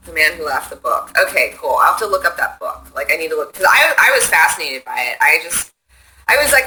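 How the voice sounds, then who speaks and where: A woman livestreaming from her phone, chatting casually and answering viewer comments in a profane, rambling, excitable way. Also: fairly low pitch, moderate pace, slight background noise, low-quality recording.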